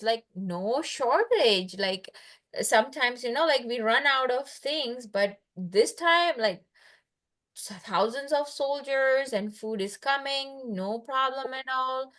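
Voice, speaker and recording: A woman's voice: sits high, lively intonation, takes it slowly, a bit bright. Chatty woman telling a story over a call. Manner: chatty, many fillers, quizzes the listener. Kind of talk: casual storytelling to a child.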